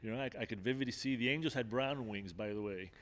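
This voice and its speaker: An older man speaks as a podcast guest, telling his story with earnest sincerity. His pitch sits in an ordinary middle range, and he often restarts phrases and leans on "you know." The delivery feels unscripted and conversational. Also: quick pace, fairly bright tone. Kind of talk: personal testimony in conversation.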